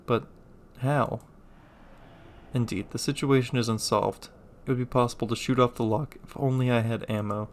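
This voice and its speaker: A man's voice: mid-range voice, fairly even intonation, normal speed, a little hiss or hum. Male gamer, reads on-screen text aloud, dry joking asides, mid voice. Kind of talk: reading game text aloud with casual commentary.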